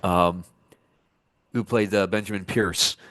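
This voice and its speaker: Taking his time, a man with a low voice appears as an actor guest on a relaxed podcast, and the recording has no room sound. He shares stories from behind the scenes, animatedly performing each quoted line of dialogue.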